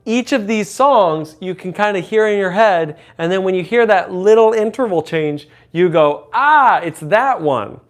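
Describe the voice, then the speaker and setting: A man hosting a casual livestream, teaching relative pitch by humming and singing intervals and chatting with viewers. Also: normal speed, few pauses, faint music behind. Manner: hums and sings intervals to demonstrate; chats with viewers. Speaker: livestream host and music teacher.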